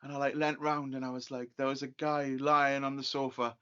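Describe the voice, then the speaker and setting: A man's voice: mid-range voice, little pitch movement, a little fast, bright, forceful tone, smooth. A man co-hosting a casual podcast chat, telling stories with laughing asides. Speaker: podcast co-host. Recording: dull lo-fi podcast audio.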